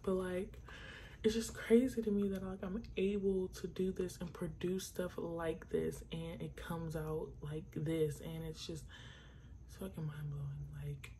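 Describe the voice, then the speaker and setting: Young woman, makeup tutorial host, low pitch, gravelly at times, casual chatty delivery, enthusiastic, talks to viewers. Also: warm tone, a little hiss or hum. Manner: chatty, fills speech with "like", swears casually.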